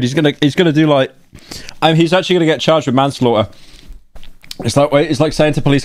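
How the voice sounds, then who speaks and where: A man's voice: mid-range voice, fast, no echo. A man streaming live, reacting to a video with amused, stammering asides.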